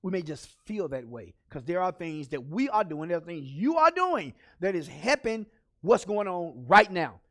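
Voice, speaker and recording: A man giving a motivational talk to a camera, encouraging and repetitive, with sudden loud outbursts. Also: high-pitched, very animated, normal speed. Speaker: leadership speaker.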